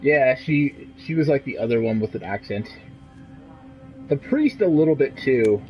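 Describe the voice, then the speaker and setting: A man's voice: mid-range voice, moderate pace. A man streaming a story game, cracking profane, sarcastic jokes over it. His audio is dull and lo-fi, with faint game music underneath. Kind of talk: sarcastic gameplay commentary.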